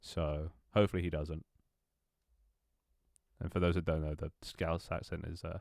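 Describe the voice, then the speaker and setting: Young man, very low voice, dry close sound, casual streamer chat, swears, restarts sentences. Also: level tone, normal speed, vocal fry, pauses often, darkish tone, no echo. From London, England.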